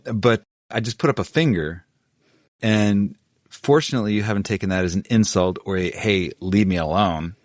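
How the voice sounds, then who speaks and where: A man's voice: on the low side, a little fast, a little mellow, no echo, clean studio sound. A man co-hosting a marriage podcast in casual, joking conversation with his wife. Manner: playful, jokey, laughs often. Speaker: podcast co-host. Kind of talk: casual chat.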